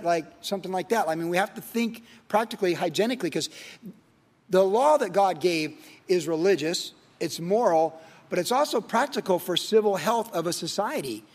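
A man teaching verse by verse as a pastor, reading scripture and then talking it through casually with fillers and rhetorical questions. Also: sits high. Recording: long hall reverb.

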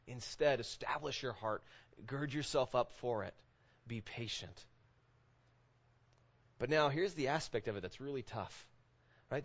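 In a mid-range voice on a muffled recording, a pastor delivers a sermon to his congregation in a church sanctuary. He keeps it casual and conversational, frequently asking "right?"

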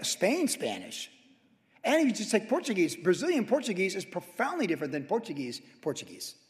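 A man preaching a verse-by-verse sermon in an animated, conversational way, with sudden loud emphasis. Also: high voice, long reverb tail. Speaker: pastor.

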